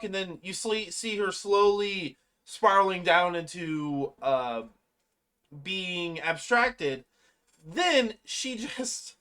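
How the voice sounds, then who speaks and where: Casual movie recapper, rambling and profane, mid-pitched voice, slips into animated quotes. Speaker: movie reviewer.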